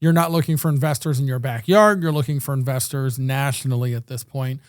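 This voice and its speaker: A man's voice: medium pitch, fairly quick, clean tone, no echo, clean studio sound. A man hosting a podcast, picking up and affirming his guest's point in casual chat. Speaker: podcast host.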